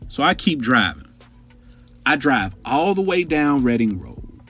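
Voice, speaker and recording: A man telling a wild personal story on his podcast, with a husky voice that swings up and down. He talks straight to his listeners, loose and profane. Faint music plays under him. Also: medium pitch, measured pace. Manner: animated, profane, conversational. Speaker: podcast host.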